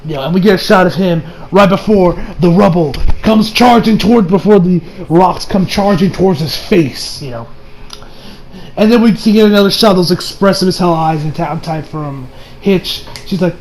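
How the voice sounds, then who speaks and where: At a moderate pace and in a voice that sits high, this anime reviewer rants through an episode recap, swearing freely and performing the characters' quoted lines with animation. The rough recording carries a little hiss or hum.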